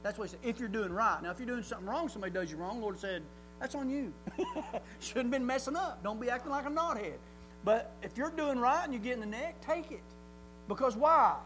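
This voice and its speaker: A man preaching a sermon in a church, folksy and conversational, building to loud, fervent emphasis. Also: extremely high pitch, lively intonation, fast, slight background noise, poor audio.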